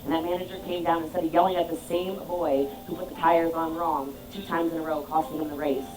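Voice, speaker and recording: A woman's voice: sits low, fairly even intonation, a little fast, over music, rough recording. A woman business coach giving an emphatic motivational talk, firing rhetorical questions at her audience. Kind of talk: motivational speech.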